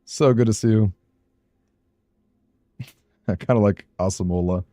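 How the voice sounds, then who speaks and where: This male game streamer has a lowish, warm voice and an unhurried pace, recorded with no room sound. He rambles in casual chat with viewers, putting himself down and laughing frequently.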